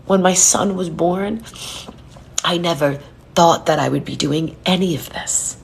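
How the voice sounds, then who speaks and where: Earnest woman with a gravelly low voice. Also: slight background noise. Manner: earnest and heartfelt, speaks softly and slowly at times. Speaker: spiritual reader and numerologist. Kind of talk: live-stream talk to followers.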